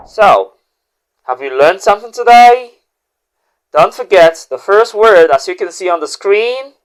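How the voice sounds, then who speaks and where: A woman hosting a pronunciation lesson, saying each word slowly and repeating it as a drill. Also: mid-range voice, lively intonation, smooth. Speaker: diction teacher and host.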